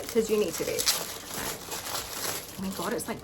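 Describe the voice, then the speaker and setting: A young woman vlogging an excited unboxing at home, gasping and gushing over each item. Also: medium pitch, normal speed, pauses often, very noisy. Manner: gushing, gasping, lots of "oh my God".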